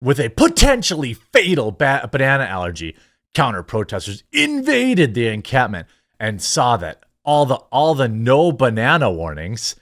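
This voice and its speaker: A man hosts a reaction commentary, sarcastic and mocking in tone. His pitch swings up and down, and he often stammers and restarts mid-sentence. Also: wildly swooping pitch, moderate pace, fairly bright tone. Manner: sarcastic and mocking, bursts of laughter. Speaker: commentary show host.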